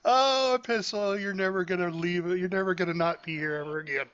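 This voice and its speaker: A man hosting a gaming podcast in animated, joking banter. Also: high voice. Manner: animated, joking, quick to laugh. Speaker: podcast host. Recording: dull lo-fi recording.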